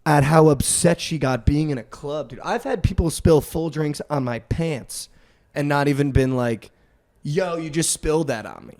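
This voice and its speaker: A young man telling a rambling party story on a podcast, peppering every phrase with "like". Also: on the high side. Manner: rambling, heavy use of "like", quick swings in loudness. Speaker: podcast host. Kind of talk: casual storytelling chat.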